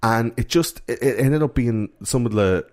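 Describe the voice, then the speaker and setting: A man's voice: medium pitch, normal speed, a little mellow. A man, hosting a podcast, casually retelling film scenes with plenty of swearing. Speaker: podcast host.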